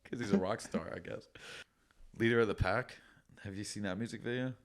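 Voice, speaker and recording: A man's voice: lowish voice, fairly quick, creaky. A man co-hosting a podcast, chatting casually and telling rambling stories, swearing often. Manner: rambling storyteller, swears a lot. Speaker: podcast co-host. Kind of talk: casual chat.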